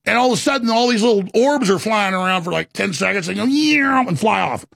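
A man with a high, gravelly voice rants at full tilt, stumbling over repeated words as he pushes on. His husky tone sits close and dry, with no room around it. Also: a bit bright, dry recording. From Texas. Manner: ranting, rapid and repetitive. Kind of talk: impassioned monologue.

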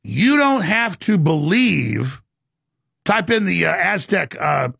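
A man with a high, gravelly voice rants at full tilt, stumbling over repeated words as he pushes on. His husky tone sits close and dry, with no room around it. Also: very animated, pushed and bright, no room sound. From Texas. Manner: ranting, rapid and repetitive. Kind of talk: impassioned monologue.

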